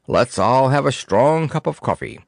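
A man's voice: medium pitch, lively intonation, normal speed, creaky, dry recording, studio quality. A man doing a pompous, wheezy old wise man. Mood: self-important. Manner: self-important.

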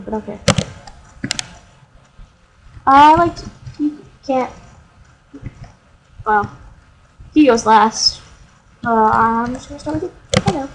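A woman's voice: fairly high pitch, measured pace, pauses often. A woman doing casual let's play commentary, reading the game's dialogue aloud with playful asides. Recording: noisy home recording.

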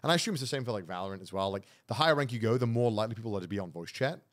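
A man talking very fast, telling stories with plenty of swearing in a casual podcast chat. The sound is dry and close. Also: fairly low pitch, no room sound. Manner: rapid, profane, animated storytelling. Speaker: podcast co-host.

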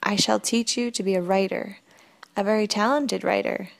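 Woman narrator as a patient, wise young forest woman; slightly gravelly, quiet explaining. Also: mid-range voice, steady tone, moderate pace, lightly acted. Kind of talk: audiobook reading.

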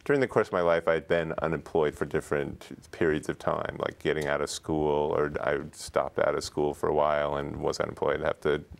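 A man's voice: a bass voice, flat delivery, brisk, creaky, hardly any pauses. A man on a community TV talk panel, thinking aloud in a casual, thoughtful way. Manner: thoughtful, reasons aloud with restarts. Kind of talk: casual talk show discussion. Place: community access TV studio.

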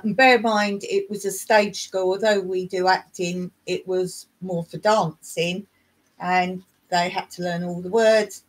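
A middle-aged Englishwoman with a husky, medium-pitched voice hosts a casual live chat, chatting away, reading aloud and singing bits of songs. The recording quality is low.

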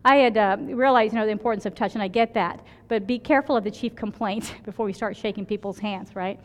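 A woman's voice: mid-range voice, fast, in a large hall. A woman emergency physician giving a conference lecture, telling stories from her work and often checking in with "right?". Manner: chatty, storytelling, keeps asking "right?".

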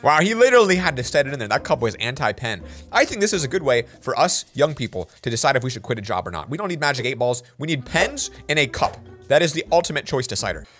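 A man hosting a reaction video, chatting casually with quick asides. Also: medium pitch, very animated, fairly bright tone, faint music behind.

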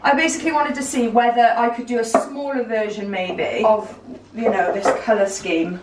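Woman vlogger, rambling and giggly, high-ish voice, filming herself at home on a handheld camera. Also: fairly even intonation, moderate pace, background noise. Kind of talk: casual home vlog chat. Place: home, indoors.

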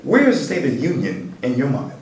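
A man asks interview questions in a formal, quick-paced manner. He is picked up from far across a library room. The room adds a strong echo to his voice. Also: medium pitch, wildly swooping pitch. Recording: very echoey, far from the mic.

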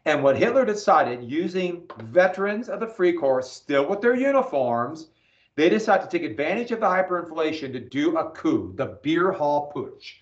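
A man's voice: a little high, very animated, moderate pace. A male history teacher lecturing an online class from home, rambling and breaking off to check his connection. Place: home room. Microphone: computer mic on video call. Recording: echoey dull video call audio.

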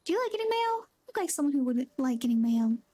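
A woman reading aloud the lines of a cheerful young courier boy from a game, upbeat and quick. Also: sits high, very animated, mellow. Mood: eager.

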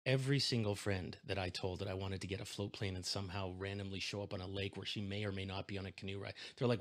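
A man's voice: low voice, fast talker, hardly any pauses. A man giving a keynote talk over a video call, telling a story and acting out the voices of the people in it. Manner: animated storyteller, acts out quoted voices. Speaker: keynote speaker. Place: home setup, video call. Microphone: desk microphone.

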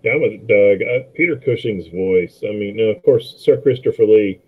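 A middle-aged man with a low, husky voice, chatting about films with plenty of restarts and fillers. He sounds thin and tinny, as if he is on a phone line. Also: moderate pace. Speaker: podcast co-host. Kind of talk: casual movie commentary chat.

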